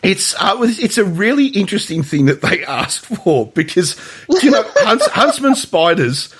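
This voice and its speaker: Australian male podcast host, lively and chuckling, a touch high, swinging intonation. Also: measured pace, breathy edge. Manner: animated, chuckling, hesitant restarts. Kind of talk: casual chat.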